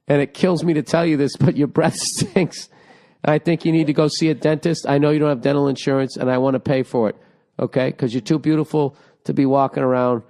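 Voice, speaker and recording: A man's voice: mid-range voice, a little mellow. A man hosting a casual comedy podcast, joking crudely and reading out listener emails, with a sore throat. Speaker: podcast host.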